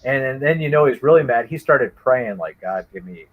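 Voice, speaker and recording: Guy telling an old story, lots of restarts, chatty, mid-pitched. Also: brisk, slightly rough, low-quality recording. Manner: rambling animated storytelling with many restarts. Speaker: guest storyteller. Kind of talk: casual chat.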